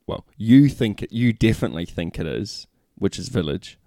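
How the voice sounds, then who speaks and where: A man's voice: lowish voice, expressive, normal speed, gravelly, mellow, dry recording, studio quality. A man co-hosting a podcast in casual chat, teasing his partner and reading out listener questions. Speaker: podcast co-host.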